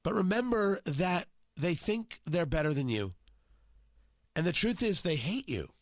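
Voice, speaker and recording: A man's voice: sits high, big pitch swings, measured pace, no room sound, studio quality. A male talk show host with a cold and a sore throat, delivering an emphatic, mocking political monologue. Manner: emphatic, mocking, punchy phrasing.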